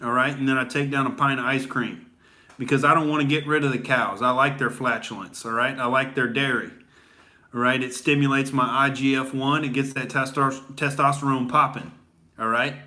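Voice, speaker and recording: Bright-voiced rambling comedian man. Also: mid-range voice, steady tone, brisk. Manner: rambling bro talk, peppered with "all right?" and "dude". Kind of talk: stand-up style comedy rant.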